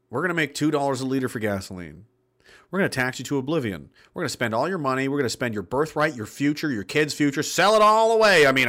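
A man's voice: medium pitch, sharp tone, pitched below the performer's own voice. A man putting on the voice of a smug, greedy male politician in a sneering mock confession.

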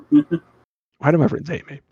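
A high-voiced man hosts a casual movie review podcast, rambling and making self-deprecating jokes. His voice is dry and close, on a dull lo-fi recording. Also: dark tone, husky, no echo. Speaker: podcast host.

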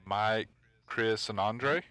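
Laid-back, low-voiced podcast co-host man. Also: drawn-out words, bright, forceful tone, no echo. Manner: laid-back, offhand, swears casually. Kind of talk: casual podcast chat.

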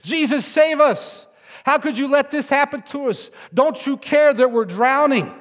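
A man's voice: very high voice, a little slow, fairly bright tone, pitched above the performer's own voice. Man crying out as frightened disciples. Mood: panicked. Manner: frantic pleading cries. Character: panicked male disciples in a storm. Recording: long hall reverb.

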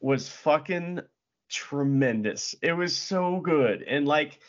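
A man co-hosting a casual wrestling chat, animated, swearing freely and acting out quotes. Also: a little high, takes it slowly. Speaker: podcast co-host. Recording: dull lo-fi audio.

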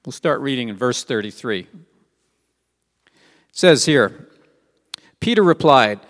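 A Messianic teacher preaches a sermon in a large hall, reading scripture aloud and posing rhetorical questions conversationally. His mid-range voice is expressive and a bit bright, and he speaks slowly.

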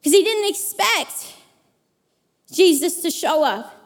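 High-voiced woman preaching in a reverberant hall. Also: slow pace. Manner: animated, acts out the people in her stories. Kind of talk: sermon with personal storytelling.

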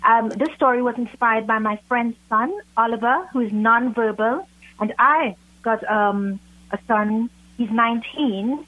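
A woman from Trinidad and Tobago with a British accent, a guest author speaking warmly and earnestly in an interview. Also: a little high, unhurried. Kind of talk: interview over a phone line. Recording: tinny phone line.

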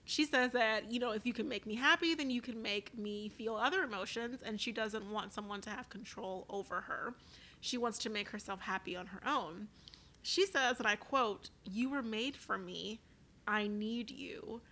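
A woman's voice: a little high, moderate pace, sharp tone. A woman co-hosting a casual podcast, recapping a reality show from her notes with lots of fillers. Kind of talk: casual chat.

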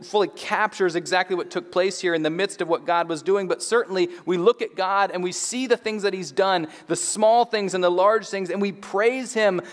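A man's voice: sits high, fairly even intonation, moderate pace, few pauses. A man preaching a sermon as a pastor, conversational and given to playful asides. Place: church. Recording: reverberant church hall.

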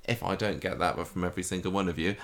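A man's voice: low-pitched, fairly even intonation, quick pace. A man co-hosting a casual podcast, chatty and dry. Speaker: podcast co-host.

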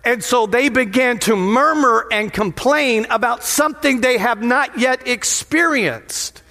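A man pastor preaching a lively, playful sermon in a church sanctuary, often putting questions to the crowd. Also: extremely high pitch, a little slow. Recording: long hall reverb of a sanctuary.

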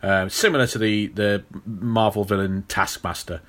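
A man's voice: fairly low pitch, steady tone, normal speed, a bit bright. A man co-hosting a casual movie podcast, rambling through comic-book trivia and teasing his co-host with frequent restarts.

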